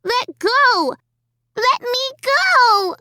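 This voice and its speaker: A woman voicing a terrified three-year-old girl who cries and pleads in a shrill, wailing voice. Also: big pitch swings, drawn-out words, pushed and bright, no echo, clean studio sound, exaggerated voice. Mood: wailing, pained. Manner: crying, high shrill pleading.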